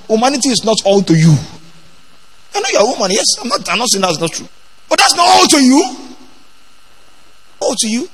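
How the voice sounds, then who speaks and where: A man preaches a lively sermon in a high, husky voice. His pitch swings widely as he acts out quotes and leads the congregation in call-and-response. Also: poor audio.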